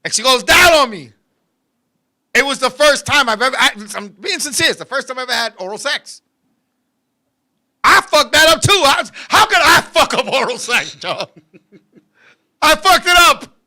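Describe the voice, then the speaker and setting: High, bright-voiced comic storyteller man. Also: normal speed, long pauses. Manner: loud, laughing, animated storyteller; crude and profane. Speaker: show host telling a story.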